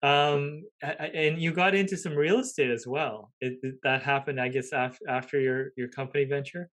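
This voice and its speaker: A man hosting a podcast interview, giving brief affirmations and asking questions with halting restarts. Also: medium pitch, steady tone, fairly bright tone. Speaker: podcast host.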